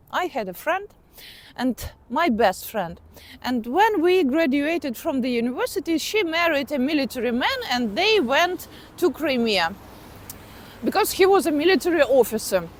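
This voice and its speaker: A Ukrainian-accented woman in her forties telling a personal story to camera in an earnest, halting way, with pauses and sighs. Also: high voice, fairly bright tone, a little hiss or hum. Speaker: vlogger.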